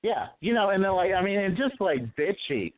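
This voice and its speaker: A man co-hosts a casual podcast chat, telling gossipy, profane stories in a high-pitched, animated voice at a fairly quick pace. The recording sounds narrow and phone-like, with slight background noise.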